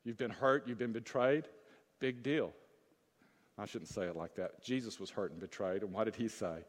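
A man preaching a sermon as pastor, moving between loud urgent peaks and soft, low asides, and asking the congregation questions. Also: brisk. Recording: long reverb of a church hall.

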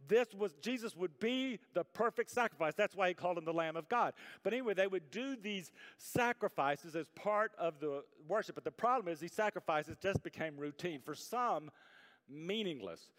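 A man preaching a sermon as pastor, swinging between hushed, quiet passages and loud, emphatic ones, with folksy jokes to the congregation. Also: high-pitched, lively intonation, normal speed. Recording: reverberant hall.

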